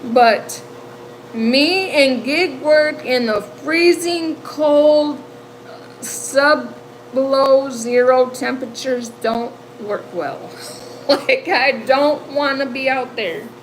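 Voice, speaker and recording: A woman's voice: high voice, very slow, slight background noise, poor audio. A woman in her fifties from the American Midwest, chatting with viewers on her livestream; emotional and chatty, laughing often and repeating words. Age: 50s. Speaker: livestream host. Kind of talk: casual livestream chat with viewers.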